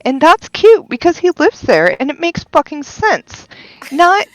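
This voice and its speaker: A woman's voice: high voice, sing-song, a little slow, dry recording, rough recording. A young woman streamer chatting casually, swearing freely and ranting with laughter. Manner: profane, ranting, laughs a lot. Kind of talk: casual chat while gaming.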